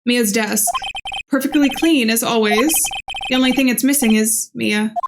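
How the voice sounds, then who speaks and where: A woman's voice: fairly high pitch, moderate pace, close to an everyday voice. A woman reading the lines of a wry, earnest young male defense lawyer in her own voice during a game playthrough. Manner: plain reading with dry asides. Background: game music.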